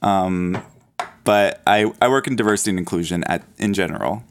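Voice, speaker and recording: A man's voice: low voice, normal speed, slight background noise. A man appearing as a guest on a movie podcast, talking thoughtfully in casual chat.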